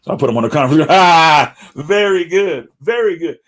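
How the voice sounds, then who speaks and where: A middle-aged man hosting a casual live talk, chatty and animated, sometimes mimicking callers in a raised voice. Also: fairly high pitch, moderate pace. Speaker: host.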